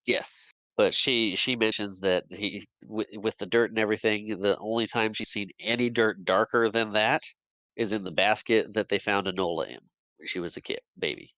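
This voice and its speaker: On a podcast, a male co-host recaps a film scene by scene in loose, casual conversation, often restarting and laughing a little. His voice is lowish, bright and forceful at a normal pace, recorded roughly with no echo.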